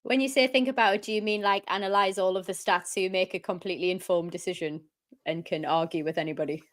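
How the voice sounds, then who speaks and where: Woman, football co-host, casual match chat, enthusiastic, quick-talking. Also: medium pitch, fairly even intonation.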